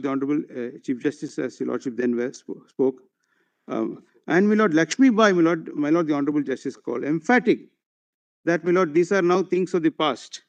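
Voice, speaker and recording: A man's voice: a little high, lo-fi sound. A man with an Indian English accent arguing before a court, reading out passages and citations and constantly addressing the bench as my lord. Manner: reads out passages and page citations. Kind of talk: formal courtroom argument.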